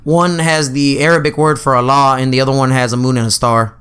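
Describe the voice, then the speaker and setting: Bright-voiced young man telling profane stories. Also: medium pitch, brisk, clean tone. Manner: profane, animated storyteller, acts out quotes. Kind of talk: casual chat.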